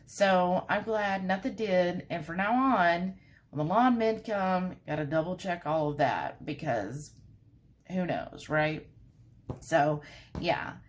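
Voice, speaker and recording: A woman's voice: on the low side, takes it slowly. A woman, casually telling a story to her vlog viewers and filling it with asides. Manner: animated, breathless storytelling with many asides. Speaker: vlogger.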